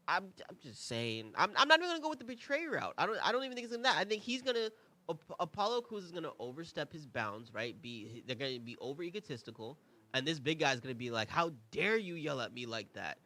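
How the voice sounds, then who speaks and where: A young man hosting a review show, talking casually and with strong opinions, full of asides and rhetorical questions. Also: fairly high pitch. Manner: animated, rambling, conversational asides. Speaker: podcast host.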